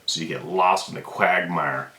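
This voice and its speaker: A deep-voiced man speaks straight into his camera, hammering his points home and repeating them as he grows more fired up. The room around him rings with a noticeable echo. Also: moderate pace, pushed and bright. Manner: fired-up, emphatic, repeats himself. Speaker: channel host. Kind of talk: impassioned unscripted rant to camera.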